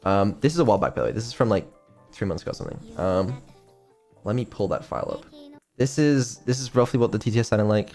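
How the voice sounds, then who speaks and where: A man's voice: on the low side, animated, fast talker, darkish tone, soft background music. A man chatting casually on a stream, rambling and offhand with lots of ums and casual swearing. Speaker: streamer and developer.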